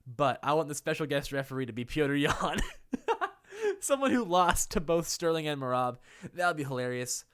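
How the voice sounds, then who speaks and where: A man's voice: a little high, sing-song, normal speed, a bit bright, clear, resonant tone. A young man talking casually and playfully in an unscripted commentary, laughing often. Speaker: YouTuber.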